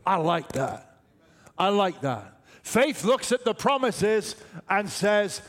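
An older man preaches with a high, bright voice. He leans into his points and repeats phrases for emphasis. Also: sing-song, slow pace. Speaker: pastor. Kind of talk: sermon.

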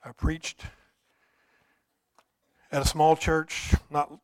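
A man preaching a sermon, at times quiet and at times building to emphatic, repeated declarations. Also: fairly high pitch, little pitch movement, extremely slow, clean tone, no room sound. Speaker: pastor.

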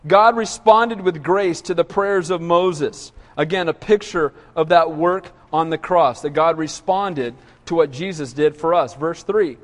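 A man's voice: on the high side, measured pace, hardly any pauses. A male pastor preaching a sermon in a conversational way, asking the congregation questions and acting out whiny voices. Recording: long hall reverb.

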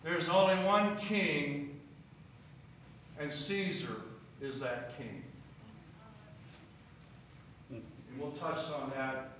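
A fairly bright, high-leaning male voice draws out words and leaves long pauses while preaching a sermon with scripture reading. He speaks conversationally, putting questions to the congregation, in a very echoey, distant recording with faint room noise.

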